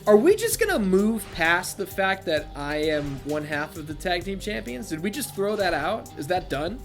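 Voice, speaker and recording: A man commentating his own video game playthrough, excitable and profane, shouting at big moves, with game music behind. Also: a little high. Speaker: gaming youtuber. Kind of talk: let's-play commentary.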